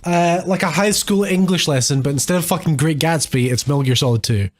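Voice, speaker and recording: Teasing man co-host, somewhat high voice. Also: brisk. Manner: dry, profane teasing. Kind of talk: casual commentary chat.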